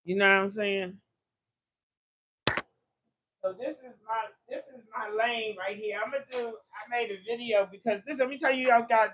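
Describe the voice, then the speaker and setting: In a recording with the highs cut off, an older woman with a mid-range voice hosts a casual livestream as she cooks in her home kitchen. She is chatty and slangy, tells stories, and laughs often.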